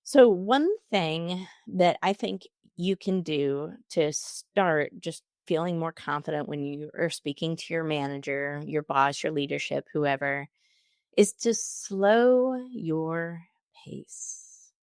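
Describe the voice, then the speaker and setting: Gravelly-voiced woman podcast host. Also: deep voice, steady tone, unhurried, few pauses, no room sound, studio quality. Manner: chatty, laughs often, warm encouraging advice. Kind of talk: solo podcast advice.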